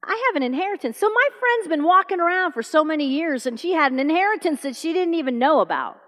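A woman's voice: high-pitched, quick pace, in a large hall. A middle-aged woman preaching a sermon, telling stories and acting out the dialogue. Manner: animated storytelling, acting out dialogue.

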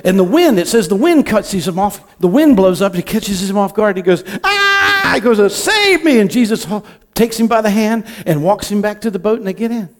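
A man preaching a sermon as pastor, impassioned, moving between hushed and loud delivery. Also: high-pitched, a little fast, few pauses.

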